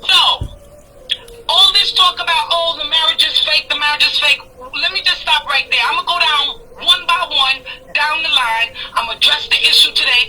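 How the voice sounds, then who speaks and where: A woman's voice: sits high, background noise. A woman telling her side of a story over a phone call, defiant and blunt, cursing at times.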